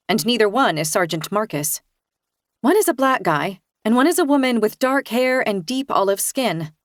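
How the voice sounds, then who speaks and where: A woman's voice: medium pitch, dry recording, studio quality. A woman reading a first-person thriller audiobook in a tense, vivid storytelling manner. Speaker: narrator.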